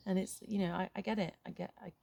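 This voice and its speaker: A middle-aged woman talking frankly in a reflective vlog, halting and swearing casually, recorded outdoors in a garden. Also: medium pitch, vocal fry, husky, dry recording. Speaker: vlogger.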